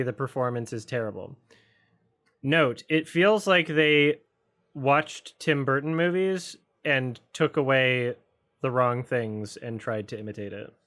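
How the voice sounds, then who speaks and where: A man's voice: medium pitch, fairly bright tone. Mumbling man snacking through a watch-along. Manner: mumbled, trailing asides and puzzled questions. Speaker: film reviewer hosting a watch-along. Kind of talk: casual commentary while watching a film.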